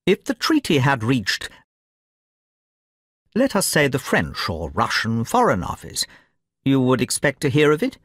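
A man doing a calm, precise detective. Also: mid-range voice, measured pace, long pauses, no echo, studio quality, full character voice.

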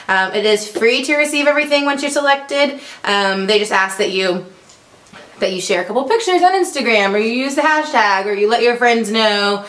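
A woman's voice: mid-range voice, a bit bright. A young woman chatting through an unboxing vlog, upbeat and full of ums. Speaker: vlogger. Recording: echoey room, faint noise.

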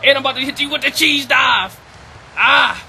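A man's voice: very high-pitched, normal speed, pushed and bright. A young man giving hyped, trash-talking commentary on his own basketball video game match, repeating his taunts. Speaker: gaming YouTuber. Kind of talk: live gameplay commentary.

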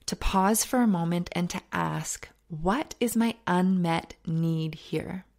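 Middle-aged woman doing a faith self-help podcast, gravelly low voice, gets soft n whispery on the big points. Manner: earnest storytelling, dropping to soft near-whispers for emphasis. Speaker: podcast host.

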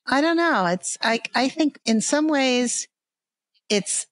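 An older woman from the New York area with a New York accent, a guest artist talking casually in a halting way with many restarts. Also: sits high, lively intonation, no room sound. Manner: halting, many restarts and fillers, laughs easily. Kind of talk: casual interview chat.

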